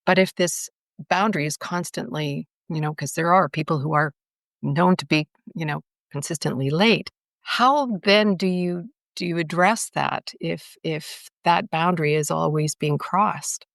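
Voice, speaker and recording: A woman's voice: low voice, measured pace, creaky, no echo, studio quality. A woman podcast host asking a thoughtful follow-up question, rephrasing as she goes. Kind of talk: interview questions.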